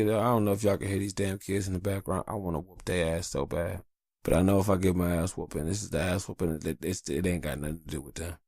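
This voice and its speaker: A man's voice: deep voice, creaky, a little mellow, no room sound, clean studio sound. A tired man hosting a podcast in casual, rambling, profane chat. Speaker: podcast host.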